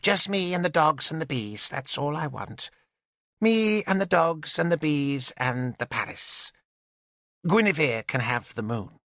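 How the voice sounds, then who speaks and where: An odd, plump woman with a giggly, singsong lilt, as a male narrator puts her on. Her voice is raised high and bright, swinging up and down as she chatters, recorded dry and close. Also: animated, a little slow, creaky, dry recording, full character voice. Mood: whimsical. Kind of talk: audiobook character voice.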